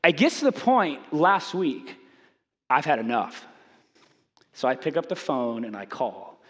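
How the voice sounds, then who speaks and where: A man with a high voice preaches a sermon through humorous, self-mocking stories and acts out the people in them. His delivery is animated. The sound carries a long reverb from the hall. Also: a little slow. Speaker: pastor.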